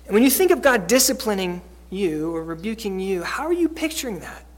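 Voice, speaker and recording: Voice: medium pitch, very animated, fairly quick. A preacher giving a sermon in a conversational way, using many fillers and acting out quoted lines.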